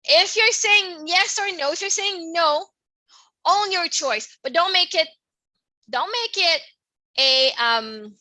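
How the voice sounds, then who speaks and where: A middle-aged woman with a French Canadian accent, hosting her own podcast in a rambling, expressive monologue that keeps coming back to "right?" and "like". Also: extremely high pitch, slow pace, dry recording, rough recording. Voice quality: expressive, laughs often, swings from soft to loud. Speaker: podcast host. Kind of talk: casual personal monologue.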